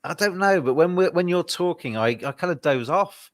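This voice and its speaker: A man hosting a laid-back podcast with a slightly hoarse voice. He talks in a relaxed, hesitant way, filling his pauses, and the sound is dry and close with little room around it. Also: sits high, no echo. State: voice going hoarse. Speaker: podcast host. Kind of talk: casual podcast chat.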